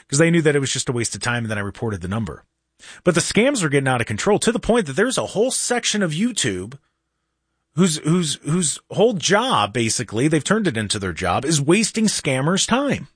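A middle-aged man hosting a radio talk show, telling stories in a lively casual way and acting out what people said. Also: a little high, a little fast, slightly rough, no echo, studio quality. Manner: animated storyteller, acts out quotes.

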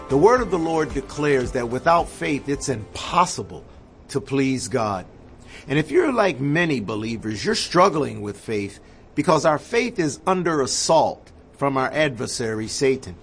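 A man's voice: medium pitch, lively intonation, unhurried, soft background music. A man, a bishop, earnestly addressing listeners in a scripted book promotion.

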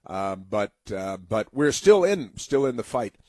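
A man's voice: lowish voice, sing-song, a little slow, a little mellow, no room sound. A man from the United States hosting a casual political commentary monologue, rambling with many fillers and restarts in a mocking tone.

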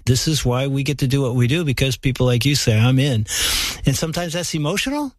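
A man hosting a radio talk show, emphatic and warm, slowing down to stress his words. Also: medium pitch, expressive, no echo, clean studio sound. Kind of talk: talk show host chat and sign-off.

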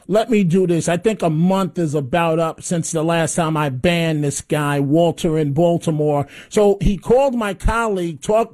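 A man with a fairly high voice hosts a call-in radio show. He talks in a combative, mocking way and repeats his jabs for effect. He sounds like a seasoned on-air regular. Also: darkish tone. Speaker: talk radio host.

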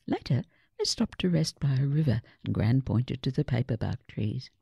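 A woman reading a children's story aloud in a measured, expressive way. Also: rumbling low, gravelly, breathy edge, no echo, studio quality. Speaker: reader. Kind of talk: storybook narration.

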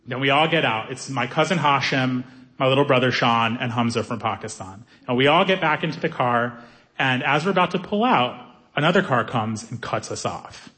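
A man doing stand-up comedy, telling a story in an animated way and acting out the people in it. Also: medium pitch, moderate pace. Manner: animated, acts out characters' voices.

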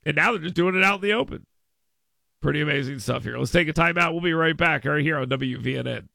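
A man hosting a talk radio show, delivering a sarcastic, mocking monologue that swings from mutters to loud outbursts. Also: fairly high pitch, fast talker, vocal fry, no echo.

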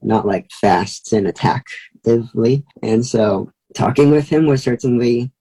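A teenage boy answering questions as an interview guest, quick and casual, with lots of likes. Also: mid-range voice, dark tone, slightly rough, low-quality recording. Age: teens.

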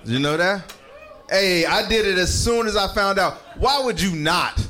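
A man's voice: high-pitched, expressive, moderate pace, pushed and bright. A man doing a casual stand-up set, talking straight to the audience in a loose, profane way. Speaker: stand-up comedian.

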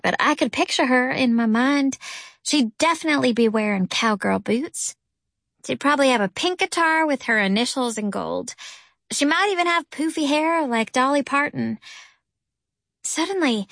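A woman reads a first-person story aloud with lively, expressive storytelling. Her voice is high and bright. The recording is close and dry. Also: vocal fry, dry recording. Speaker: audiobook narrator.

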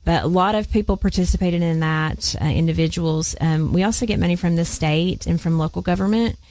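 A woman's voice: fairly low pitch, a little fast, warm tone, no echo. A woman guest in an interview, talking upbeat and enthusiastically about her organization's fundraisers. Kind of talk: casual interview chat.

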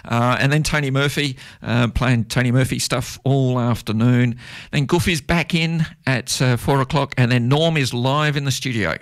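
A man hosting a relaxed radio show, chatting and joking with his co-host. He laughs easily and slips into little acted-out quotes as he goes. His voice sits at an ordinary middle pitch for a man. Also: normal speed, few pauses. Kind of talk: casual radio chat.

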